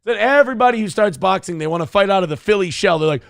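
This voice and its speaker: Man, gravelly voice, crude mocking host, dry close sound. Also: sits high, expressive, rapid-fire, hardly any pauses, dry recording. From central Minnesota. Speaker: show host reading viewer donations. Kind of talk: casual livestream commentary.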